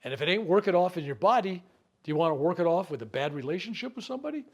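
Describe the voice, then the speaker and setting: A man's voice: high voice, big pitch swings. A reverend leading a healing workshop, talking in a folksy, conversational way. He jokes, asks rhetorical questions and acts out what people might say. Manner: acts out people's words in quick asides. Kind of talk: spiritual teaching talk to a live group.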